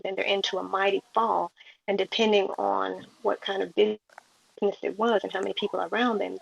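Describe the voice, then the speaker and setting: Gravelly, husky woman on lo-fi audio. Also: mid-range voice, no room sound. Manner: reflective, measured, motivational. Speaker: panel participant. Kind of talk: casual discussion on an audio chat room. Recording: dull, lo-fi audio.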